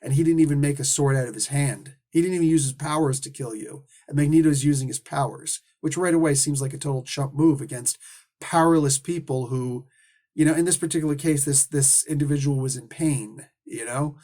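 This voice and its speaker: A man giving a casual, rambling comic book review, full of restarts, asides and quick put-on voices for the characters. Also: on the high side, mellow. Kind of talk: casual solo review monologue.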